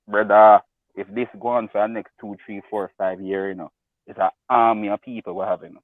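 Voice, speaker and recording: A man calling in to a show, emotional and close to tears, telling his story in an excited, rambling way. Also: on the low side, no echo. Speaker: caller. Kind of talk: phone-in chat. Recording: tinny phone line.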